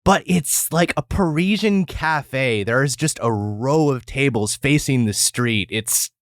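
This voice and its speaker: A man's voice: medium pitch, measured pace, dry recording, studio quality. A man co-hosting a food podcast in easygoing banter, laughing often. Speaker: podcast co-host. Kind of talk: casual chat.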